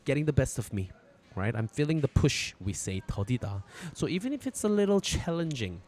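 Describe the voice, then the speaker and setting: A man's voice: mid-range voice, darkish tone. A man teaching a casual, irreverent language lesson on a live stream from outdoors, swearing freely as he explains. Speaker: Korean teacher.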